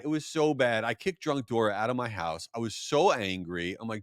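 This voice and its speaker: A man hosting a podcast, telling a casual story and acting out the other people's voices with big jumps in pitch. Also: normal speed, few pauses, no room sound, studio quality. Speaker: podcast host.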